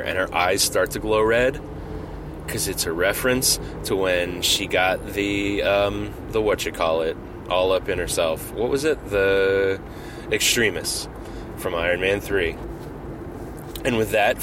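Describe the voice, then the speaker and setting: Low-voiced man pitching a movie idea. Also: slow pace, noisy background. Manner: rambling, many fillers and restarts. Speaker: podcast host. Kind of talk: casual comedic storytelling.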